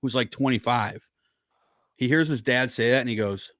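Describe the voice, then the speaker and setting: A man's voice: mid-range voice, normal speed, a bit bright, dry recording, clean studio sound. A man on a podcast, telling a story in heated, profane casual chat.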